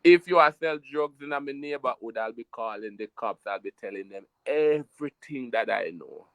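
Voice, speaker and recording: A man from Jamaica with a Jamaican accent, telling a story in an animated, emphatic patois style during a casual chat. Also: medium pitch, moderate pace, no room sound.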